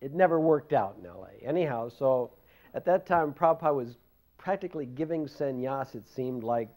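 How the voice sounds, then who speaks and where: A man's voice: medium pitch, lively intonation, moderate pace, mellow. Older man telling a rambling story. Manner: rambling, self-deprecating, laughs often. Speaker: devotee recalling memories. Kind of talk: casual storytelling interview.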